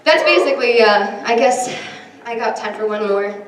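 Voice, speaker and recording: A woman's voice: a little high, moderate pace, distant mic. Young woman doing stand-up in an echoey hall. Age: young adult. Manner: self-deprecating, chatty with many ums. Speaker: stand-up comedian. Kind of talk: stand-up set. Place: large hall with a live audience. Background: audience laughter and room noise.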